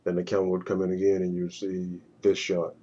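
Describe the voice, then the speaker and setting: A man narrating a walkthrough of his own screenplay storyboard, halting and often repeating words. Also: low-pitched, monotone, mellow, highs cut off. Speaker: writer pitching his screenplay.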